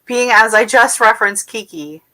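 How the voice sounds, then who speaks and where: A gardening channel host chats casually on a livestream from home, reading viewer comments and answering them in a rambling way full of fillers and restarts. Her voice is a little high, animated and bright, with a forceful tone at normal speed.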